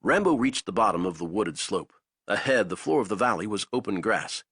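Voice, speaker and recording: A man narrating an action audiobook in a dramatic, expressive way. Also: lowish voice, brisk, breathy edge, dry recording, studio quality.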